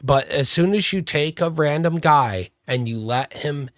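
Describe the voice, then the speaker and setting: A man's voice: a little high, a little slow, fairly bright tone, no room sound, studio quality. A man co-hosting a casual wrestling podcast livestream, ranting bluntly with lots of swearing. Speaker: podcast co-host.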